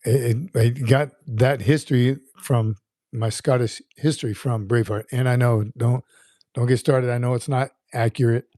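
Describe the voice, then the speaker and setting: Man, fifties, livestream host, loose rambling chat, mellow tone, dry close sound. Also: medium pitch, steady tone, normal speed, no room sound. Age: 50s. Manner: rambling, repeats words, reads viewer comments aloud.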